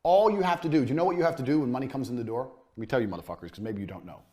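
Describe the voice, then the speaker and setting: A man giving a blunt, profane business lesson as a coach, mocking and forceful in his delivery. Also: medium pitch, rapid-fire.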